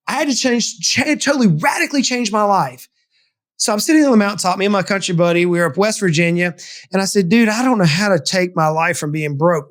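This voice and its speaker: A middle-aged man from the southern United States, a business author telling his story as a podcast guest with emphatic energy. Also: high-pitched. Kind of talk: storytelling interview talk.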